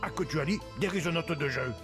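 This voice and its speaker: A man's voice: on the high side, rapid-fire, over music, close to an everyday voice. An actor playing a gloomy male program who mixes words into his speech.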